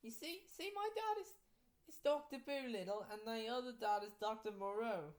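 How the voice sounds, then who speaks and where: A woman voicing a cheerful teenage jungle ghoul girl with an Australian accent, bright and bubbly. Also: mid-range voice, expressive, moderate pace, voice pushed up, natural voice. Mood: friendly. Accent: Australian, put on.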